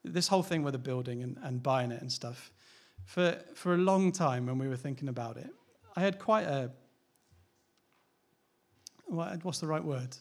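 A man's voice: medium pitch, moderate pace. A man, a pastor, preaching a sermon in a candid, conversational way, asking rhetorical questions and laughing lightly now and then.

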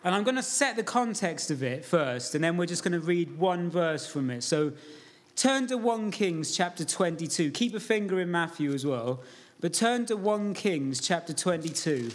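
A man with a high voice preaches a sermon to his congregation. He tells the story informally and keeps putting questions to the listeners. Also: expressive, moderate pace.

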